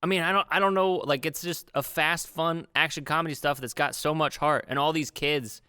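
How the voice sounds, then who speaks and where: A man's voice: a little high, fairly even intonation, brisk, sharp tone, clean tone, dry recording, clean studio sound. A man co-hosting a casual film podcast, rambling with lots of fillers. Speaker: podcast co-host. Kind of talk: casual film review chat.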